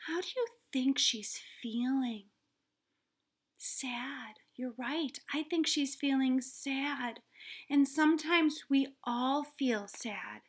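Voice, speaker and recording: A woman teaching preschoolers about feelings, patient and coaxing, asking the children questions. She often drops into a soft whisper and then comes back with gentle emphasis. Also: high-pitched, slow. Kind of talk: gentle lesson for young children.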